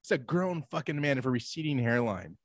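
Young male podcast co-host, profane exasperated ranter, mid-pitched voice, dry close mic. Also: very animated, fairly quick, dry recording. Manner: profane, ranting, exasperated storytelling. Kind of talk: casual chat.

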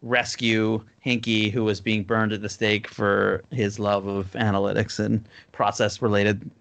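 A cartoon creator in his thirties from New Jersey is a guest on a podcast, telling stories casually in a loose, rambling way packed with fillers. His lowish voice is level, creaky and fairly bright, at a measured pace.

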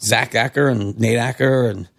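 A middle-aged man from Santa Cruz telling animated stories as a podcast guest, jumping high in pitch when he quotes people. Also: normal speed, creaky. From Santa Cruz, California. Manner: animated, acts out quotes with big pitch jumps. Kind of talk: casual storytelling.

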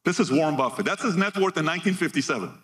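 Speaking fast at a fairly high pitch, a keynote speaker pumps up a live audience with punchy, energetic motivation. Figures come out in quick bursts, and he keeps throwing questions at the crowd.

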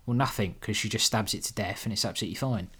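A man's voice: lowish voice, rapid-fire, a bit bright, slightly rough. A man co-hosting a podcast, recapping a film in casual chat with dry sarcasm, swearing and laughing as he goes. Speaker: podcast co-host.

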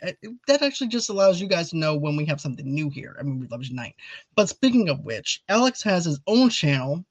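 A man hosting a casual video review chat, talkative and animated, urging viewers to comment. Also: a little high, quick pace, no echo. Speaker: video host.

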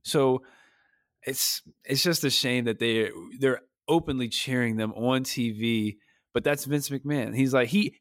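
A man co-hosting a podcast, speaking in a heated, animated and slangy way in casual chat. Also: mid-range voice, moderate pace, no room sound, clean studio sound. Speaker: podcast co-host.

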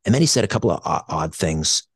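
Low-voiced man telling a story, dry sound. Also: big pitch swings, quick pace, husky, no echo. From Canada. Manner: hesitant and reflective, many fillers and restarts. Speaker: radio show co-host. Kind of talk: personal storytelling.

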